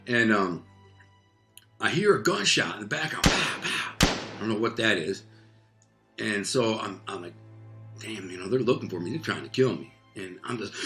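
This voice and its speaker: A man from Detroit telling a personal story in casual, animated speech, often tossing in "man" and "like". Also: on the low side. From Detroit, United States. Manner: vivid, animated retelling peppered with "man" and "like". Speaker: interview guest telling a life story.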